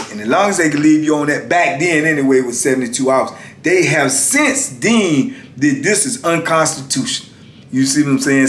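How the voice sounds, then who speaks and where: Middle-aged guy telling a story, mid-pitched, punchy and slangy, roomy echo. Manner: animated, acts out shouted exchanges, slangy and emphatic. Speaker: former prisoner telling his story. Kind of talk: casual storytelling. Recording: echoey room with faint rumble.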